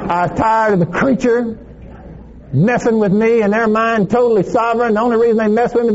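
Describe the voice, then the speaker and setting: A man preaches a sermon, telling a playful story with laughter. His higher voice swings widely in pitch. The recording sounds muffled and lo-fi. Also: a little mellow, slight background noise.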